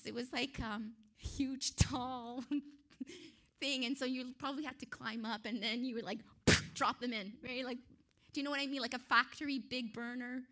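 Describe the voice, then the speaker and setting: A woman's voice: high-pitched, pushed and bright. A woman preaching a sermon in an earnest, emphatic way, often correcting herself with a light laugh.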